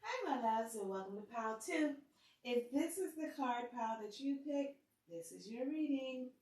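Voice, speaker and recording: A woman's voice: fairly high pitch, lively intonation, normal speed, darkish tone, distant mic. A woman giving a casual tarot reading to her viewers, chatty and playful, talking to the cards as she lays them out. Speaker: tarot reader. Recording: roomy sound, set back from the mic.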